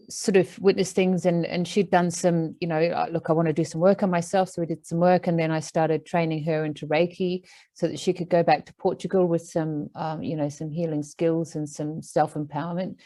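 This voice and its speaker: A woman with an Australian accent, an animal communicator, telling a story in an animated way with lots of fillers. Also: fairly low pitch, poor audio. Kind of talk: casual storytelling.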